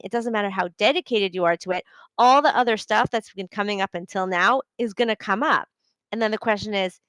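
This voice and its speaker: A woman's voice: medium pitch, a bit bright, dry recording, poor audio. Chatty woman coach, many fillers. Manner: chatty, many fillers, acts out quoted inner thoughts. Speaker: podcast host and relationship coach. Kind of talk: casual live coaching talk.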